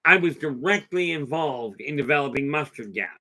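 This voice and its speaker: A man's voice: a little high, lively intonation, moderate pace, pushed and bright. A man hosting a casual live talk, telling a long story in a rambling, chatty way and answering viewer comments. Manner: rambling, chatty, with many restarts and asides. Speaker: host.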